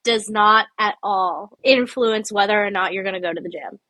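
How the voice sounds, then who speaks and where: Bright-voiced woman, animated chatty storyteller. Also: mid-range voice, normal speed, no echo. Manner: animated storyteller, laughs often, quotes people in voices. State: sick with a cold. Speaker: podcast co-host. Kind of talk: casual chat.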